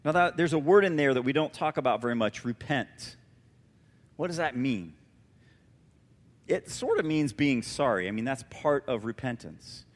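A man preaching a sermon as pastor, animated and emphatic with a conversational touch, in a church. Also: medium pitch, normal speed, in a large hall. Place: church sanctuary.

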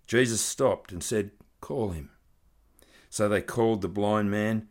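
A man with a fairly low voice delivers a sermon in an earnest, measured way. He reads scripture aloud and leans into key phrases with rising emphasis. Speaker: preacher.

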